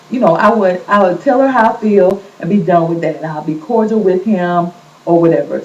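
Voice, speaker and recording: A woman host giving a casual, gossipy recap and acting out what people said. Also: lowish voice. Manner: animated, gossipy, quotes people in lively voices. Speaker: vlog host recapping a reality show. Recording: echoey, distant, dull lo-fi sound.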